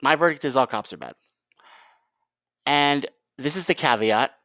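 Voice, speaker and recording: A man delivers a heated commentary vlog, ranting and swearing as he keeps turning to his viewers as "guys." His voice sits at an ordinary pitch. The recording is dry and close, with no room sound. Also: normal speed, bright, forceful tone, dry recording. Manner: ranting, profane, repeatedly addresses viewers as guys. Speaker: video commentator.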